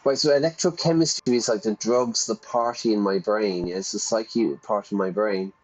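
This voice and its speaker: A man's voice: fairly low pitch, normal speed, poor audio. A British or Irish man teaching English while reading game dialogue aloud and explaining phrases. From Britain or Ireland.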